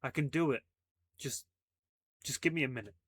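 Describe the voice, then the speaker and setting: A man's voice: mid-range voice, normal speed, breathy edge, no echo, clean studio sound, natural voice. A man voicing a nervous, shy boy who mumbles hesitantly in a story reading. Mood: timid.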